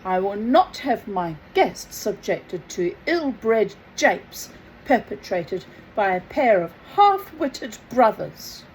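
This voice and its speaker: A woman's voice: mid-range voice, very animated, slow, slight background noise, rough recording. A woman voicing a haughty, irritated man of the family who speaks in a clipped, indignant way. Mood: angry.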